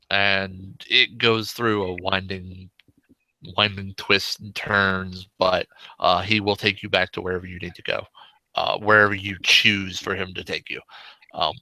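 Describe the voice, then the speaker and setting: A man narrating a tabletop game as game master, in a relaxed, meandering descriptive way. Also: deep voice.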